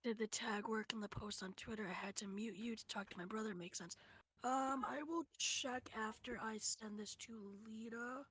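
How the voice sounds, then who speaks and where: A woman's voice: on the high side, steady tone, normal speed, fairly bright tone, a little hiss or hum. A woman livestreaming a game at her home computer, chatting casually with her audience, swearing freely and often dropping into whispered asides. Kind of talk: casual stream chat while gaming.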